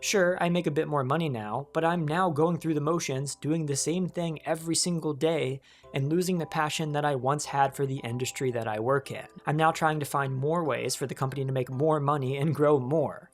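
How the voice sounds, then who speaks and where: A calm narrator speaking a reflective, scripted voice-over at a medium pitch. The delivery stays conversational and unhurried, with faint music playing softly underneath. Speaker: video essayist.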